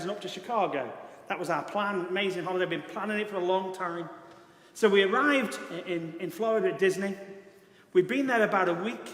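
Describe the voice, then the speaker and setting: A British man preaching a sermon as pastor, telling a story in an earnest, emphatic way. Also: high voice. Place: large church hall. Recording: echoey church hall.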